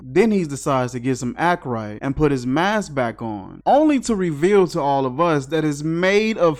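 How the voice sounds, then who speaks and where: A movie reviewer giving comedic commentary in slangy casual talk, mocking each scene with incredulous questions. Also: medium pitch.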